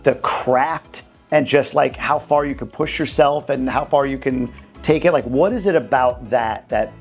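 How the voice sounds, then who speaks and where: A man's voice: medium pitch, a little slow, soft background music. A man hosting a casual interview, asking long, probing, rambling questions. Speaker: podcast host.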